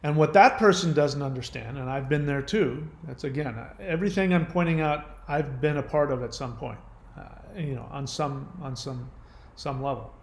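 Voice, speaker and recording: Male channel host, earnest unscripted talk to camera, slightly high voice. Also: normal speed, vocal fry, roomy sound. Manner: earnest, explanatory, acts out quoted voices.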